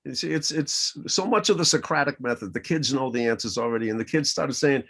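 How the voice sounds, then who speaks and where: A man's voice: medium pitch, brisk, creaky, hardly any pauses, breathy edge. A man in his sixties from the Boston area, telling a personal story in an interview and acting out the dialogue in voices. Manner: animated, acts out dialogue in voices. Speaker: interview guest.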